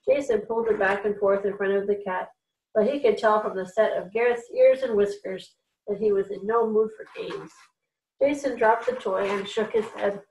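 Woman reading aloud, children's story, steady, echoey room, set back from the mic. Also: mid-range voice, distant mic. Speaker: reader for a children's program.

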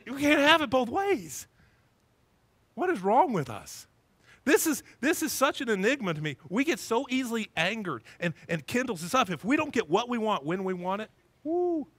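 Guy pastor preaching, high bright voice, bouncy and animated, dry close sound. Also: moderate pace, dry recording. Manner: animated, acts out scenes in voices. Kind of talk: sermon. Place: church.

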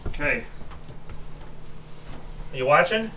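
Young dad, home video, lively swooping voice, mock-grand announcing, off-mic, echoey room. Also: male voice, fairly high pitch, slow pace, far from the mic, a little hiss or hum. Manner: mock-ceremonial, loud and playful. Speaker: father filming his son.

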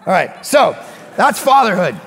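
A man preaching a sermon as pastor, telling a story with animated energy and sudden shouted bursts. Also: sits high, a little slow, vocal fry, husky, in a large hall. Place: church sanctuary.

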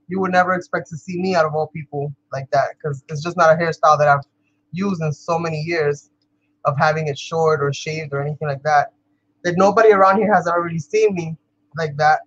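A chatty crafting vlogger from New York talks casually while she crafts, laughing often and calling her viewers "you guys." Her voice is low, and the audio sounds dull.

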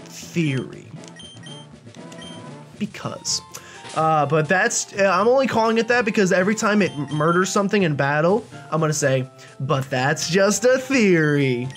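Man, let's play host, casual gameplay commentary, chatty and jokey, animated pitch, faint game music behind. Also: normal speed. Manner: chatty, jokey, rambling with fillers.

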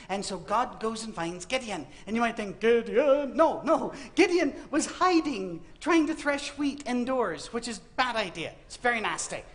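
A man's voice: extremely high pitch, fairly bright tone, slight background noise. A man giving a humorous sermon, telling a Bible story as comic stories and acting out the voices. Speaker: preacher. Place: university auditorium.

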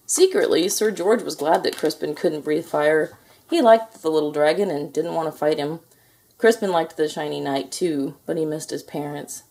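A woman reading a children's picture book aloud in a gentle, expressive storytelling manner. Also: low voice, moderate pace. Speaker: storybook reader.

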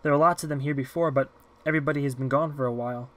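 A man's voice: medium pitch, steady tone, very fast, natural voice. A man doing a timid little girl. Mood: quiet. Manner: soft and hushed. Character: timid eight-year-old girl, soft-spoken.

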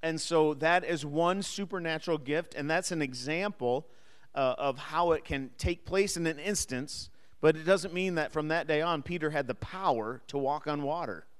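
A man's voice: fairly high pitch, normal speed, clean tone, big-room sound. A man teaching an adult Sunday school class, speaking conversationally, asking the class questions and joking lightly with them. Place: church classroom or hall.

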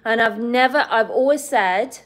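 A woman's voice: a little high, normal speed. A woman from England hosting a casual live stream, chatting and giggling with viewers and her pet bird.

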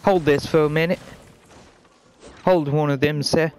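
A man's voice: a little high, fairly even intonation, unhurried, darkish tone, smooth. A man chatting brashly with random teammates while gaming, swearing constantly and putting on an exaggerated British accent. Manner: exaggerated put-on British accent, calling people mate and wanker. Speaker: gamer playing with random teammates. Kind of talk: profane gaming banter over voice chat.

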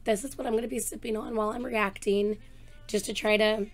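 A woman hosting a reaction vlog, chatting excitedly with a hoarse voice she is losing, talking into a desk microphone with many fillers. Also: medium pitch, a little fast, faint music behind. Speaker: reaction channel host. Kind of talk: casual chat to camera.

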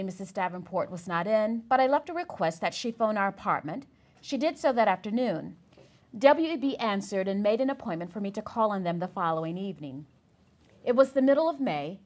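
Expressive woman reading a memoir. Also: medium pitch. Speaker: reader of a memoir excerpt. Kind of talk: reading a memoir aloud in a lecture.

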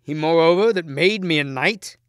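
A man's voice: a little high, moderate pace, clear, resonant tone, no echo, clean studio sound, pitched above the performer's own voice, lightly acted. A man voicing a courteous, proud knight who speaks in an earnest, formal, raised voice.

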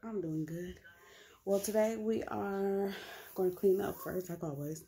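A young woman chatting casually to the camera in a vlog, with an animated, storytelling manner. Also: medium pitch, a little slow, slight background noise. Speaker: vlogger.

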